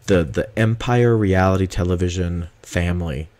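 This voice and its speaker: A man's voice: sits low, moderate pace, darkish tone. A man co-hosting a pop-culture podcast, chatting casually with playful, campy banter. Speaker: podcast co-host. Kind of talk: casual chat.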